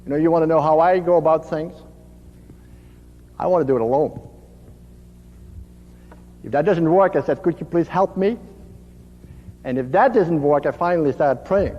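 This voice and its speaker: A man preaching a sermon slowly and gently, his voice dropping to a soft hush on tender phrases. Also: a little high. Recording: dull lo-fi recording in a reverberant hall.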